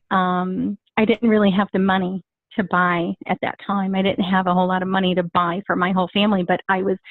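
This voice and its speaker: A woman's voice: mid-range voice, dry recording. A woman guest telling a personal story in casual chat, rambling and acting out the dialogue she quotes. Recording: tinny phone-like dry sound.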